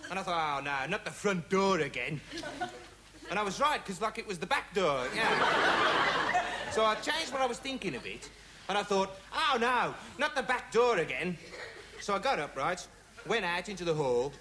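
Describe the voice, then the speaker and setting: A man's voice: high-pitched, very animated, moderate pace. An actor playing a dim, rambling young man who calls himself an investigator, talking in a digressive TV sketch comedy monologue full of "you know" and "right". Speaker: comic character monologue. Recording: noisy early 1980s TV audio with loud studio audience laughter.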